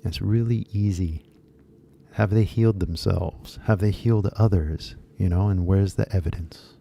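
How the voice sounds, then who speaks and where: A man's voice: low-pitched, fairly even intonation, unhurried, vocal fry, mellow. A man with an American accent giving a casual, rambling English pronunciation lesson, repeating key words for emphasis. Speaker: English teacher.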